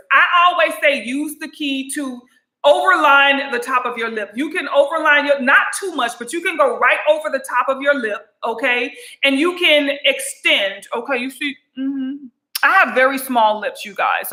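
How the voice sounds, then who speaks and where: A sassy, chatty woman talks straight to camera in a high, bright voice. She keeps calling viewers honey and you guys, and her voice rings around an echoey room. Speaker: beauty and lifestyle vlogger. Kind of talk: casual chat to camera.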